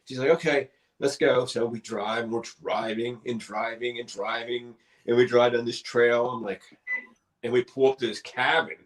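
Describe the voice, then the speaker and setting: A middle-aged man, a paranormal investigator, telling a story casually in a live interview, animated and swearing freely. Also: medium pitch, normal speed, rough recording. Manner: animated, swears casually, acts out quoted dialogue.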